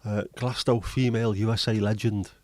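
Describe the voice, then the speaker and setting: A man's voice: on the low side, little pitch movement, moderate pace, no echo. A man hosting a livestream, chatting casually, joking and swearing as he reads viewer comments. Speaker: livestream host.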